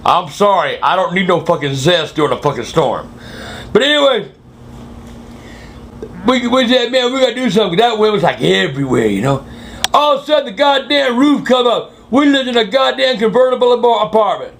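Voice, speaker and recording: A foul-mouthed older man tells a rambling vlog story. His voice sits high and gravelly, full of fry. He swears at nearly every turn and now and then bursts out loud. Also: expressive, moderate pace, a little hiss or hum. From South Carolina. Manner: crude, swearing constantly, loud outbursts. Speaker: vlog host. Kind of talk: profane storytelling.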